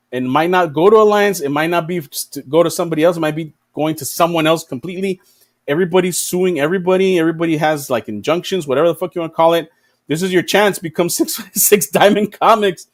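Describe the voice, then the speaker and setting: A man hosting a podcast in casual chat, rambling and swearing often. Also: fairly high pitch. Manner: rambling, profane, laughs often. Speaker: podcast host.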